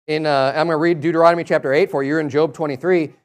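A man's voice: on the high side, steady tone, rapid-fire. A man preaching a sermon, reading scripture aloud and rising to emphatic, raised passages.

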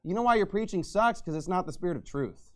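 A high-voiced pastor preaches combatively from his own pulpit, talking fast and expressively. The sermon is fiery, lurching into mocking, angry bursts and occasional shouting.

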